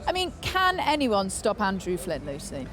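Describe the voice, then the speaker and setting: A woman presenting sports coverage in a lively, chatty way, putting questions to her pundits. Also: medium pitch, normal speed, crowd noise.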